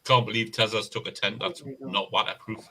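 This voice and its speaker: A man's voice: lowish voice, flat delivery, fairly quick, sharp tone. A man giving short, blunt, teasing replies in casual chat. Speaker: gamer chatting with friends.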